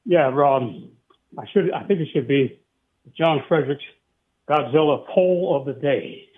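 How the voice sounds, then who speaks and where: A man's voice: a little high, measured pace. A man from upstate New York calling into a radio show, out of breath and rambling with many fillers as he gets worked up. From Saratoga Springs, New York. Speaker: caller. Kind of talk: phone-in call to talk radio. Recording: tinny phone line.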